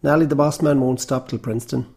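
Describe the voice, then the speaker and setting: A man's voice: medium pitch, steady tone, fast, vocal fry, a little mellow, lightly acted. A man doing chatty young Donegal lad. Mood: offhand.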